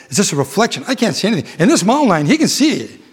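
A man's voice: high-pitched, sing-song, fast, slightly rough. A middle-aged man preaching a folksy sermon, rambling through a ranch story with chuckles and talking straight to his congregation.

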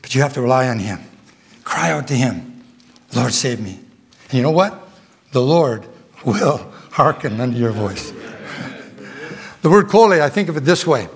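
A middle-aged man preaching a sermon, halting with restarts and fillers, then swelling with fervent emphasis. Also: mid-range voice, lively intonation, husky.

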